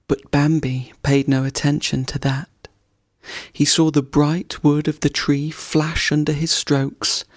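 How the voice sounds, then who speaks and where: A man narrating a bedtime storybook audiobook in a slow, calm reading. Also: fairly high pitch, creaky, no echo, studio quality.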